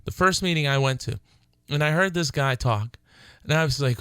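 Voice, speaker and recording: A middle-aged man hosting his own radio talk show, speaking earnestly and growing excited as he urges listeners to call. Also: fairly high pitch, normal speed, clear, resonant tone, no room sound. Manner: earnest, excitable, laughs between phrases. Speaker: attorney and radio show host.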